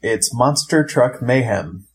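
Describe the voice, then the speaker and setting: A man from Ohio co-hosts a casual board game chat. His voice sits at an ordinary middle pitch, and he explains things in an easygoing, rambling way. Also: animated, slow pace, a crowd in the background. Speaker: podcast co-host.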